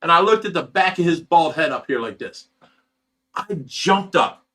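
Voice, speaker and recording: A man telling a rough, profane story in casual chat as a host. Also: a little high, lively intonation, normal speed, sharp tone. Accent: Ohio. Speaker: fish rescue host.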